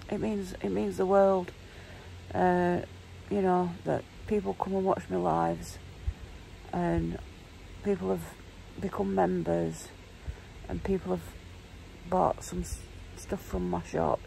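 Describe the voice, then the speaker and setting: Croaky, gravelly woman. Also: lowish voice, steady tone, takes it slowly, dark tone, slight background noise, rough recording. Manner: rambling, chatty, filler-heavy. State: croaky sore throat, tearful. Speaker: vlogger. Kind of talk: casual vlog chat.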